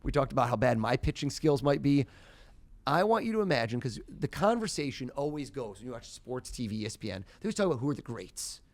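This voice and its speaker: A man performing mind-reading as a podcast guest, talking theatrically and building to loud excited bursts. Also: mid-range voice, fast talker. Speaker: mentalist guest.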